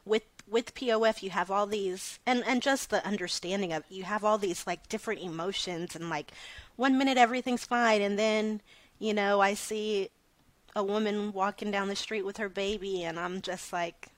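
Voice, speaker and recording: Woman in her 30s telling her story, soft and halting, lots of ums, dry close sound. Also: mid-range voice, no echo. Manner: soft-spoken and hesitant, many fillers. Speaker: interview guest. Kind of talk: personal story in conversation.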